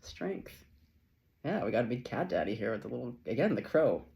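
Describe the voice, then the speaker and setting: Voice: medium pitch, sing-song, a little fast, creaky, muffled recording. A tarot reader giving a casual channeled reading, effusive and loose, swearing freely and laughing often.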